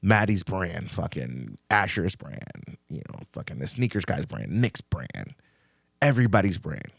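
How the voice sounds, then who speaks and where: A man's voice: low-pitched, very animated, a little slow, gravelly, no room sound, clean studio sound. A man hosting a podcast, talking in a rambling, candid casual monologue and swearing freely. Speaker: podcast host.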